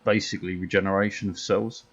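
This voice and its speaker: British male streamer, very low voice, blunt and sweary, dull lo-fi mic sound. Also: level tone, quick pace. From Britain. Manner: blunt, sweary, laughs often. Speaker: game streamer. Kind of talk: casual chat while gaming.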